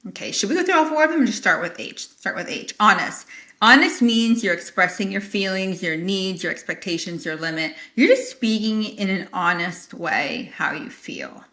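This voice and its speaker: A woman's voice: medium pitch, lively intonation, normal speed, bright, forceful tone. A woman psychologist co-hosting a podcast, telling stories expressively and laughing easily in casual chat.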